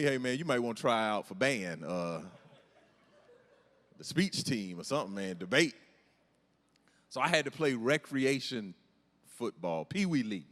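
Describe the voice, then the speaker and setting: A middle-aged man, doing a self-deprecating stand-up comedy set in a large church hall. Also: medium pitch. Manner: storytelling, animated, self-deprecating. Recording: hall reverb from a large venue.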